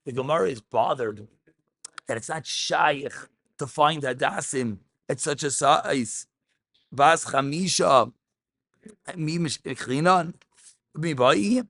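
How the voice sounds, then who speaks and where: A man teaching a Talmud class, animated, mixing English with Aramaic terms and raising his voice for emphasis. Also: on the high side, slow pace, gravelly, pauses often.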